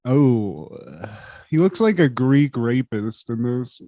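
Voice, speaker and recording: A man's voice: mid-range voice, expressive, slow, dark tone, no room sound, lo-fi sound. A man co-hosting a casual podcast chat, crude and jokey, laughing often. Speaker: podcast co-host.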